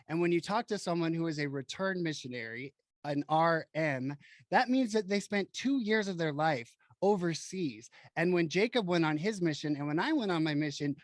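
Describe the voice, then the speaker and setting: A man hosting a podcast who tells stories in an animated, frank and emphatic way. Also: high-pitched, dry recording. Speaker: podcast host. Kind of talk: casual storytelling chat.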